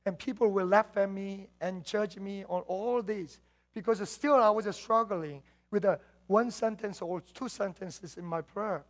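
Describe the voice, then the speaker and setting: With the accent of southern Korea, where he comes from, this native Korean pastor tells his sermon earnestly, rising loud and dropping to a hush. His voice sits high and his pace is measured.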